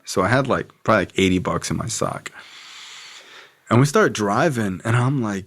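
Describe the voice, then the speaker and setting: A man's voice: deep voice, normal speed. A young man from Florida, a podcast guest, telling a story in a casual, profane way and acting out what others said.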